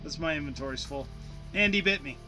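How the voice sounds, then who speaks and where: A man with a slightly high voice chats playfully to himself as he plays through a game. His commentary is loose and joking. Game music plays clearly underneath him the whole time. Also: a little fast, sharp tone. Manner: playful, chatty, talks to himself while playing. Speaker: gameplay commentator. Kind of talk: casual gameplay commentary. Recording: game music playing behind.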